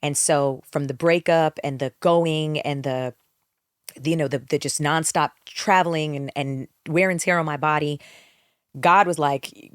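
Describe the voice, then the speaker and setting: A woman's voice: low voice, steady tone, unhurried, no echo, clean studio sound. A middle-aged woman, a singer, candidly telling her story in a podcast interview, reflective and full of restarts. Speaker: guest singer.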